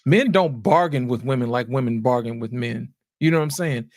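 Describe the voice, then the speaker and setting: Man, gravelly voice, dry close sound, panel host, animated, casual talk. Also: mid-range voice, a little fast, dry recording. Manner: animated, calls on guests, frequent "you know what I'm saying".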